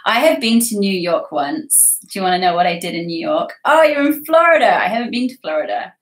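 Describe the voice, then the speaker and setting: A woman's voice: mid-range voice, animated, brisk. A young woman hosting a casual livestream, chatting and giggling as she reads viewer comments. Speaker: livestream host. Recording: roomy echo.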